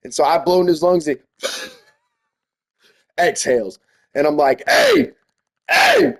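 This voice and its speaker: A man's voice: a little high, takes it slowly, a little mellow. A young man telling a story to his viewers in casual, profane, emphatic speech, calling them guys and bro. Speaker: storyteller vlogger.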